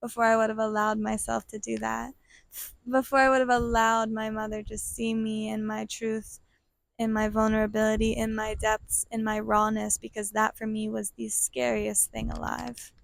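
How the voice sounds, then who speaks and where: A woman with a rather high, gravelly voice speaks slowly and earnestly. She tells a heartfelt personal story, and the recording is close and dry. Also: completely flat delivery, dry recording. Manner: slow, earnest, heartfelt with soft laughs. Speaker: vlogger sharing a personal story.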